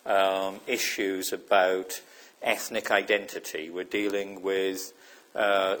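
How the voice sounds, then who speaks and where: A lower-pitched man delivering a lecture. He talks in a thoughtful, searching way, with pauses and fillers, and keeps checking in with questions to his audience. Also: a bit bright. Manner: reflective, checks understanding with repeated questions; hesitant, many fillers and restarts. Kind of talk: recorded lecture.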